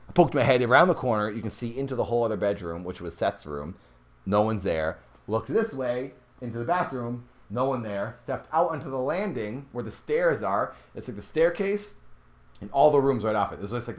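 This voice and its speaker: A young man casually telling a true ghost story from his youth, animated and rising in pitch when the story turns tense. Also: fairly quick. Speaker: podcast host.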